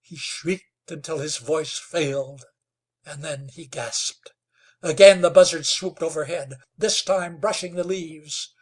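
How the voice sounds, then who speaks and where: A man narrating a western novel in a slow, dramatic storytelling manner. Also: fairly high pitch, husky. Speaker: audiobook narrator. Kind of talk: scripted narration.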